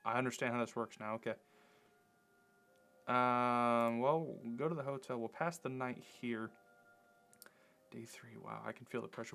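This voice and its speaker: A man's voice: medium pitch, steady tone, moderate pace, creaky, pauses often, a bit bright. A man playing a story game, thinking aloud with fillers and reading the on-screen text in casual commentary. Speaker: let's play gamer. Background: faint game music.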